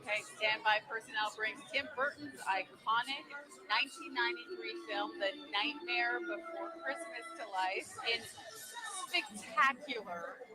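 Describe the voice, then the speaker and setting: A woman's voice: a little high, unhurried, low-quality recording. A woman doing live commentary at an outdoor winter parade, reading scripted introductions of each entry with casual asides. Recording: outdoor broadcast with band music behind.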